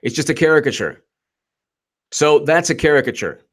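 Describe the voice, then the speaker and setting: A man's voice: a little high, lively intonation, normal speed. A male host delivers offhand political commentary in a meandering, mocking way. He restarts sentences often and slips into jokey impressions before laughing them off. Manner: rambling, sarcastic, stumbling restarts. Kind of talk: casual livestream commentary.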